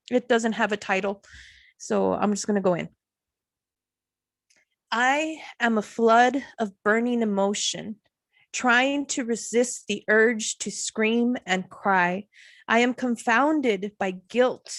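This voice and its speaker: Slow, dry-voiced woman reading poetry. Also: a little high, dry recording. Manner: slow, measured reading with pauses between lines. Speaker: poet at an online open mic. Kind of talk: reading her own poetry. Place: at home.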